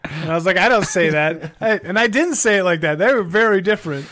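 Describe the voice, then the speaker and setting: A man's voice: sits high, expressive, fast talker, a bit bright, no echo. A man co-hosting a casual podcast, reading a list with lots of "uh" and cracking jokes. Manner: reads lists with many fillers, wisecracks. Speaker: podcast co-host. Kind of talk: casual chat.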